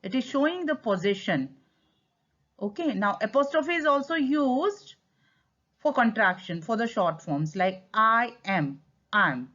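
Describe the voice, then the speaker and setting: Indian teacher explaining grammar, lo-fi. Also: female voice, a little high, lively intonation, measured pace, a bit bright. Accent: Indian English. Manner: switches to Hindi to explain. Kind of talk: classroom grammar lesson. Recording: dull lo-fi sound.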